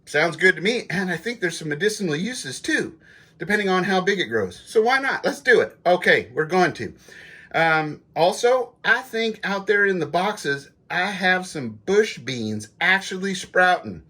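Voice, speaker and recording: A man's voice: sits high, very animated, moderate pace, bright, forceful tone, slightly rough. A middle-aged man hosting a casual food review vlog, chatting folksily to his viewers while he tastes food. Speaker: prepper channel host.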